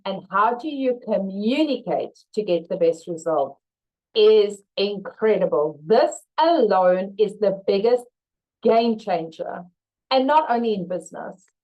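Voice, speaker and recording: Over a low-quality recording, a mid-range female leadership trainer hosts a live online masterclass. Animated throughout, she reads out what viewers type in chat and acts out quick role-plays of how staff might reply.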